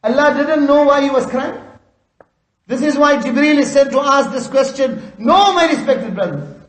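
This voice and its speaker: A man preaching an impassioned sermon, at times rising to shouts, recorded in a hall. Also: extremely high pitch, normal speed. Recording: echoey hall.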